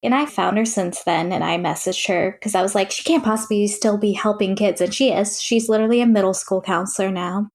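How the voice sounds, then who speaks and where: A woman's voice: medium pitch, brisk, few pauses. A young woman recounting her childhood in an interview, in a plain, matter-of-fact way with frequent fillers. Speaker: interview guest. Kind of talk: personal testimony in an interview.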